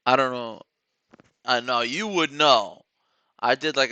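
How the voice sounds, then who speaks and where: A man's voice: medium pitch, unhurried, long pauses, bright, forceful tone, no echo. Man chatting on a trading stream. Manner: rambling, talks to chat while watching charts. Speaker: trading live-stream host. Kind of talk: casual live-stream chat.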